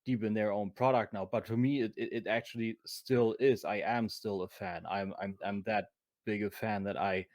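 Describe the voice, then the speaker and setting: A man with a German accent, a podcast guest talking in a halting, casual way with many restarts. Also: lowish voice, steady tone, darkish tone, no echo, studio quality. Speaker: podcast guest, convention vendor. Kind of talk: casual chat.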